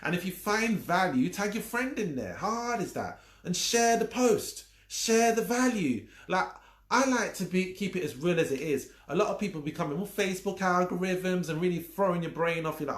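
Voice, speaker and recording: A man's voice: high-pitched, expressive, normal speed. A man coaching viewers on a live stream, talking emphatically, repeating his points and teasing his audience. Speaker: social media coach hosting a live stream. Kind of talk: casual live-stream teaching. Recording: roomy echo.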